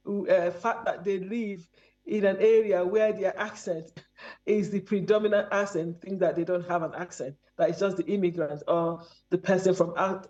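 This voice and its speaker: A woman's voice: mid-range voice, darkish tone. A woman from Nigeria with a Nigerian accent, a guest in a remote interview, speaking earnestly and measuredly with frequent ums. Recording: dull lo-fi audio.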